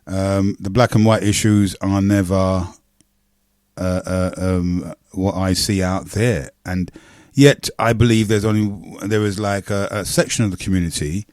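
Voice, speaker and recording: A man's voice: deep voice, fairly even intonation, measured pace, darkish tone, clear, resonant tone, dry recording, studio quality. A man hosting a live community radio talk show, speaking with many fillers and stammered restarts. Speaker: radio host.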